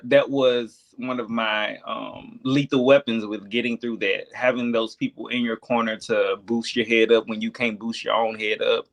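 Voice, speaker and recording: A man of thirty, a podcast guest, talking candidly in a hesitant, reflective way with many pauses and filler words. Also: mid-range voice, a bit bright. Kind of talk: candid conversation.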